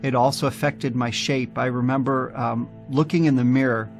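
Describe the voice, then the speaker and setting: A man from the United States telling his personal testimony in an earnest, animated way. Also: medium pitch, moderate pace, gravelly, faint music behind. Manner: earnest, animated, acts out quoted voices. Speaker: speaker giving a personal testimony.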